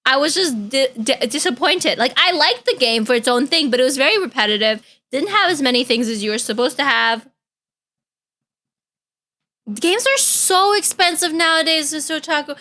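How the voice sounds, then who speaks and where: A woman's voice: sits high, animated, normal speed, pushed and bright. A woman streamer, chatting casually and giggling as she reacts to videos. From Canada.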